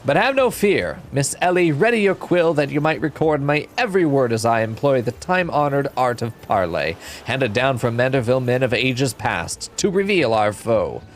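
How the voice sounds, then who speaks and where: A man voicing a pompous, flamboyant gentleman inspector with grandiloquent, theatrical delivery. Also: medium pitch, very animated, moderate pace, few pauses, faint music behind, natural voice. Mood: grandiose.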